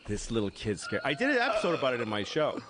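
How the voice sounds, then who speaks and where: A man's voice: mid-range voice, wildly swooping pitch, quick pace. A man talking as a podcast guest. He rambles through long anecdotes and laughs at his own stories. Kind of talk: casual chat, telling anecdotes. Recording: podcast audio under loud background noise.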